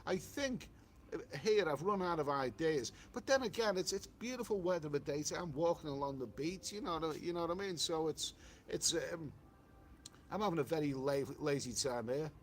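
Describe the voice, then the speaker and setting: Man, Liverpool accent, slightly high voice, live-stream chat, rambling with restarts, faint background hiss. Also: animated, normal speed. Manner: rambling, frequent restarts and "you know" fillers. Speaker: travel vlogger hosting a live stream. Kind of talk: casual live-stream chat, reading comments aloud.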